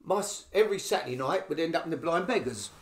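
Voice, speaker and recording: An older Englishman with a Cockney accent, appearing as a podcast guest, tells rambling casual stories and acts out what people said. His voice is on the high side, lively in intonation, and fast, recorded in an echoey room.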